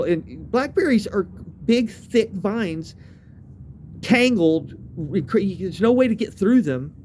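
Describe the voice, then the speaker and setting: A man's voice: sits high, darkish tone, slight background noise. A man telling a rambling, profane story in casual speech, full of restarts and fillers.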